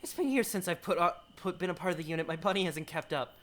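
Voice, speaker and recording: A man reading a visual novel aloud, voicing a gruff male cook who sounds irritable and sarcastic. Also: high-pitched, quick pace, fairly bright tone. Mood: annoyed.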